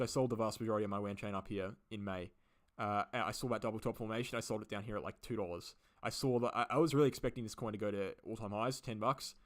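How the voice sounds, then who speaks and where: An Australian man hosting a live stream, answering viewer questions in a rambling way, full of fillers and repeated phrases. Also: on the low side. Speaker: crypto channel host.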